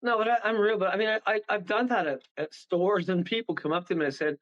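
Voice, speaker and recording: A man tells long, meandering stories as a radio show guest, chuckling often as he goes. His voice sits somewhat high for a man. The audio is dull and lo-fi, like a call-in feed. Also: quick pace, hardly any pauses. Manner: rambling, chuckling storyteller. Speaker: medium and guest. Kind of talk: casual radio interview chat.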